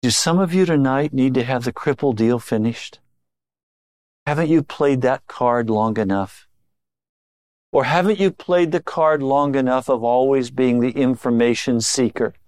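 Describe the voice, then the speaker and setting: Male pastor, middle-aged, sermon delivery, unhurried, drops low then punches lines up high. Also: a little mellow, no echo. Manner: dramatic swings between low intimate tones and raised emphatic lines.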